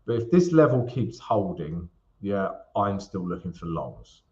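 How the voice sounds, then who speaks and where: A man's voice: low voice, sing-song, a little slow, a little mellow. Guy doing a live trading q&a stream, loose and chatty, lots of ums and okays, kinda dull lo-fi sound. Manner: chatty, frequent fillers and tag questions. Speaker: forex trading host. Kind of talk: live stream Q&A, chart analysis.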